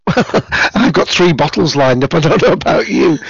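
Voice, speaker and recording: A man's voice: on the high side, lively intonation, unhurried, vocal fry, fairly bright tone, slightly rough, lo-fi sound. A man giving a joking holiday greeting as a podcast guest, with dry teasing.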